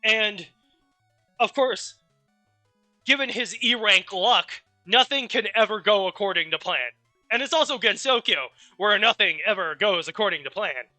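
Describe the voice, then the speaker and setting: Bright, rambling male streamer. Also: high-pitched, measured pace, dry recording, soft background music. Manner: rambling, animated, swears casually. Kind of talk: casual story recap.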